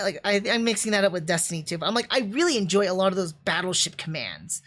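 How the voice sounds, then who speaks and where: A woman's voice: fairly low pitch, very animated, quick pace, hardly any pauses, fairly bright tone. A woman reviewing anime on a live stream, enthusiastic and rambling, full of fillers and restarts. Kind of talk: casual livestream review.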